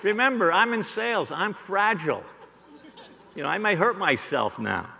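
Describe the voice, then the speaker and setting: Male keynote speaker, wry and teasing, gravelly edge, slightly high voice, long hall reverb. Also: expressive, moderate pace, crowd noise. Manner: joking, audience-teasing, punchy repetition. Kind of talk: live conference keynote. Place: large hall on stage.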